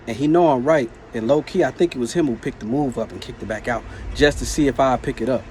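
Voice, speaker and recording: A man vlogging, telling a story in a casual, animated, slang-filled way. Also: mid-range voice, fast, a little hiss or hum. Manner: animated, slangy retelling of a work conflict.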